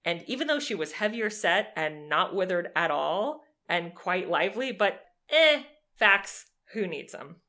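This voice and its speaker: A woman's voice: lowish voice, unhurried. Sarcastic, swearing young woman storyteller. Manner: lively, sarcastic, swears freely. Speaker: podcast co-host telling a true crime story. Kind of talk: casual storytelling chat.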